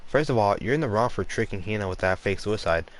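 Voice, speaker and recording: A man's voice: lowish voice, lively intonation, fast, a little hiss or hum. A young man playing a story game, reading its dialogue aloud casually, with stumbles and emotional reactions. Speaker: let's-play gamer.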